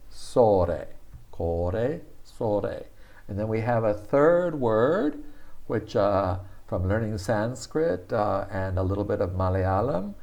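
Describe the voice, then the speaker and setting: A man with a lowish voice teaches at an unhurried, slow pace. He thinks aloud, dropping plenty of "uh" fillers, and repeats each word patiently for practice. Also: creaky, darkish tone. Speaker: language teacher. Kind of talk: casual spoken lesson.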